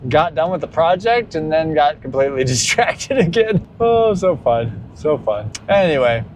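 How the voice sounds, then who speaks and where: Expressive and speaking at normal speed, a thirty-something vlogger rambles candidly in a casual monologue recorded while he drives. Faint vehicle noise sits in the background, and he slips into high, exaggerated voices when quoting people.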